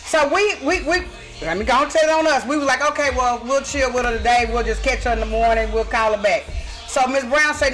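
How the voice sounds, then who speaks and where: Texan woman, podcast host, high bright voice, laughs a lot, faint music behind. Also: a little fast. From Texas. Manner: animated, laughs often, says baby and y'all. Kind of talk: casual chat.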